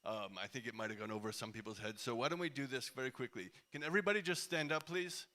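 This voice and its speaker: A man's voice: medium pitch, fast talker, pushed and bright. A man giving a casual, engaging talk to a crowd in a large indoor hall, asking the audience questions. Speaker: company CEO speaking at event.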